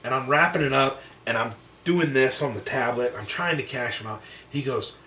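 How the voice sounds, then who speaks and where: A young adult man on a podcast, telling a story in casual talk, profane and animated, acting out what people said. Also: medium pitch, moderate pace, recorded from a distance. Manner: profane, animated, acts out quotes. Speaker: podcast co-host. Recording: roomy echo, set back from mic, faint background noise.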